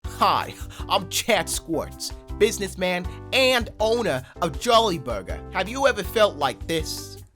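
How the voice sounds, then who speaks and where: A young man voicing a sleazy, pushy fast-food businessman in a parody commercial, shouting his slogans like a pitchman. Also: animated, soft background music. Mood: salesy.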